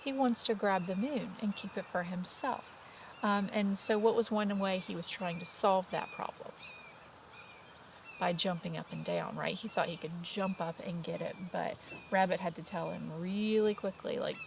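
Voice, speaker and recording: A woman's voice: lowish voice, normal speed, creaky, slight background noise, poor audio. A woman kindergarten teacher reading a picture book aloud to young children, stopping to chat and ask them questions. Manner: chatty, asks children questions, voices story characters.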